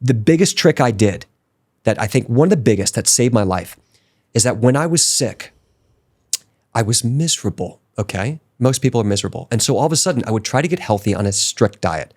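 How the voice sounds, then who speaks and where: As a podcast guest in a casual interview, a man recounts his own story in a mid-range voice, speaking a little fast. His tone is emphatic and motivational, and his excitement builds as he goes.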